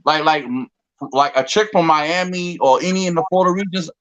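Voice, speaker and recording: A man from the DC area, talking in a rambling, animated way in a casual group debate, often repeating words. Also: a little high, a little fast, low-quality recording. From DC, Maryland, Virginia area.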